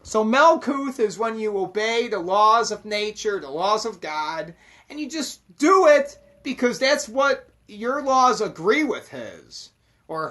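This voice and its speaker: A man talks slowly through spiritual teachings, unhurried and drawn out. He rambles casually and peppers every thought with curses, pressing his points with blunt emphasis. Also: sits high, a bit bright. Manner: swears constantly, rambling and emphatic. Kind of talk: casual profane monologue explaining Kabbalah.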